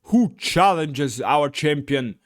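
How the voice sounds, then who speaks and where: A man doing a booming arena fight master. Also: expressive, slow. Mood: announcing.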